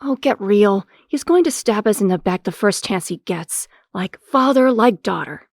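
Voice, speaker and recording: A woman playing a blunt, gravelly young heroine. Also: mid-range voice, animated, normal speed, no echo, clean studio sound. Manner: blunt, defiant. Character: fierce, weary young woman hero.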